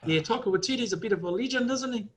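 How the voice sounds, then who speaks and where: A man's voice: sits high, animated, a bit bright, pitched above the performer's own voice. A man putting on a breezy New Zealand bloke. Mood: easygoing. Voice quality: breezy, drawn-out slang. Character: laid-back young male Kiwi bloke.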